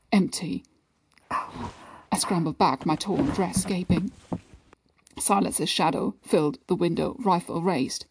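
A woman narrating an erotic story in a slow, breathy way, often sinking into hushed whispers. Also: on the low side, slight background noise, poor audio. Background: background music.

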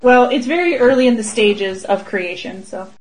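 A woman's voice: mid-range voice, animated, normal speed, poor audio. A young woman co-hosting a podcast, chatting in a playful, teasing way and laughing often. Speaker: podcast co-host. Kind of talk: casual chat.

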